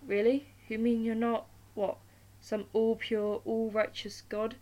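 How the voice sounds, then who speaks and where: A woman's voice: a little high, flat delivery, takes it slowly, mellow. A woman playing a stammering young thief. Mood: nervous. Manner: stammering, anxious delivery. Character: nervous young male thief, humble and anxious.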